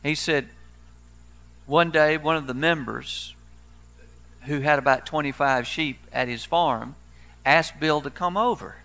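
A man's voice: a little high, unhurried, creaky, pauses often, fairly bright tone. A man in his sixties, a pastor preaching a sermon in a folksy storytelling way with dry humor.

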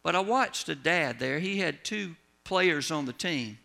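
A man preaching in a folksy storytelling way, his voice gravelly with a lot of fry. His tone is bright and forceful, pitched a little high for a man, and it sinks low at the close of each line. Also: lively intonation, measured pace. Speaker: pastor. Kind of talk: sermon.

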